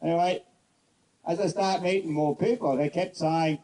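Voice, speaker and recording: A man horse trainer giving a casual outdoor demonstration, telling stories bluntly and coaxing a horse softly. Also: fairly high pitch, normal speed, crowd noise, low-quality recording. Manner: casual, rambling, blunt storyteller; soft coaxing talk to the horse. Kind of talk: demonstration lesson with storytelling.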